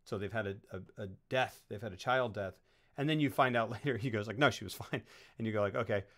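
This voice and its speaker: Rambling man with a bright voice. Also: on the low side, fast. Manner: rambling, animated retelling of scenes. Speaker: podcast co-host. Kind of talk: casual film discussion.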